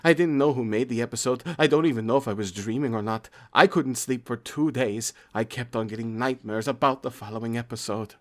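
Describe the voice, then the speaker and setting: A man's voice: mid-range voice, a little fast, few pauses. A man reading a horror story aloud in plain first-person storytelling, stumbling now and then. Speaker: creepypasta narrator.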